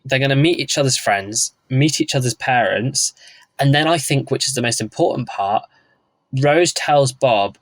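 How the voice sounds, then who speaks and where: A man's voice: medium pitch, normal speed, no echo, low-quality recording. A man co-hosting a podcast in casual chat, talking chattily with wry asides. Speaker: podcast co-host.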